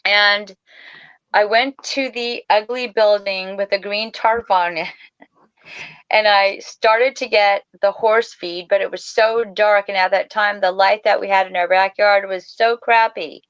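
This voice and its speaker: A woman's voice: mid-range voice, fairly even intonation, measured pace, a bit bright, clear, resonant tone, no room sound, highs cut off. A middle-aged woman telling a personal story as a podcast guest, rambling and emotional, near tears. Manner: emotional, rambling, tearful at times. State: crying.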